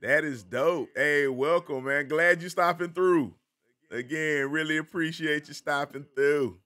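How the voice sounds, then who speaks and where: A man's voice: a little high, unhurried, pushed and bright. A man with a Southern American accent, from the Carolinas, casually chatting with viewers by name while streaming a game. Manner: laid-back, chatty, greets viewers by name.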